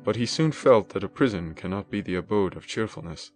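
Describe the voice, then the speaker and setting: A man's voice: fairly low pitch, expressive, a little fast, a little mellow, faint music behind. A man narrating a classic novel as an audiobook in a dramatic, emotive first-person reading.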